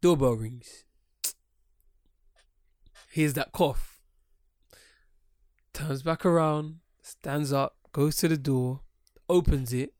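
Slightly high-voiced man telling a rambling story. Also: slow, long pauses, no echo, studio quality. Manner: rambling, animated, swears freely. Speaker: podcast co-host. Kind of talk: casual storytelling chat.

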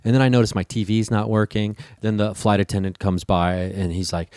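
A man with a fairly low voice tells a long personal story in a relaxed chat. He swears freely and acts out the people in his story with lively voices. The sound is close and dry, with no room echo. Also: a little fast, hardly any pauses, clear, resonant tone. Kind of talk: casual storytelling.

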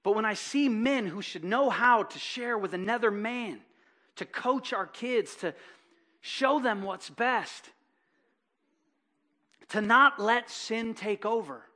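Guy preaching a sermon, fired up then quiet, high bright voice, lots of rhetorical questions. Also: animated, slow, pauses often. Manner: impassioned, swings from loud urgency to hushed. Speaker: pastor.

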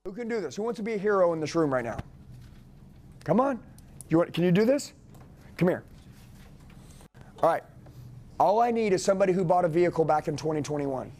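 High, pushy male sales coach. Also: lively intonation. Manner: loud, pushy coaching, quick acted role-play lines. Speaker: sales trainer. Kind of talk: live sales training talk. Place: training room with an audience.

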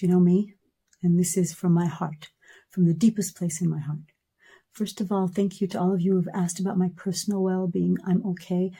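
A woman's voice: lowish voice, warm tone. A woman in her thirties giving an emotional personal testimony in a video message, talking with passion and stacking repeated words into rising lists.

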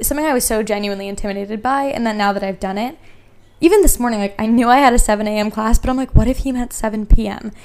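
Smooth-voiced woman gushing on her podcast. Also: medium pitch, darkish tone. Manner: chatty and gushing, heavy use of "like". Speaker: podcast host. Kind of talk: casual solo podcast chat.

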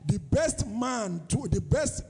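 A man's voice: extremely high pitch, lively intonation, slow, gravelly, dark tone, husky, big-room sound. A man with a Nigerian accent preaching a sermon as pastor, in a sing-song style that throws questions out to the congregation. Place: church service.

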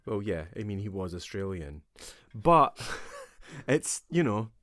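A man's voice: fairly low pitch, sing-song, slow, a bit bright, slight background noise. A man co-hosting a podcast, jokey and goading, laughing often. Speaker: podcast co-host. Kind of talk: casual chat.

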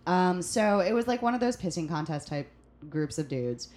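A woman with a low, deep speaking voice tells workplace stories in a casual podcast chat. She is from the United States and gets animated as she tells them. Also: moderate pace. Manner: animated storyteller, acts out quoted people. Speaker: guest, restaurant server.

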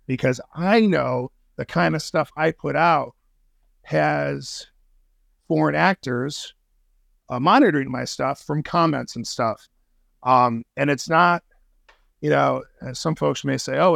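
Man, podcast guest, very gravelly voice, dry close sound, slangy, swears, lots of ums. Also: medium pitch, a bit bright, no room sound. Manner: slangy and profane, many fillers and restarts. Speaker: podcast guest, intelligence analyst. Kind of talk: casual interview chat.

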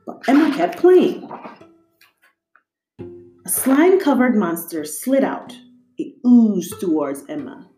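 A woman reading a children's picture book aloud in an expressive, animated storytelling manner. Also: a little high, takes it slowly, long pauses. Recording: roomy echo, faint music behind.

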